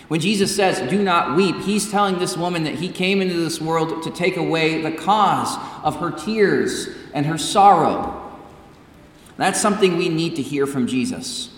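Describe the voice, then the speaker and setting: A man preaches a sermon with measured, emphatic pacing, leaning into pauses. His voice sits a little high. The recording is roomy and distant, with long church reverb. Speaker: pastor. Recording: echoey church hall from far off.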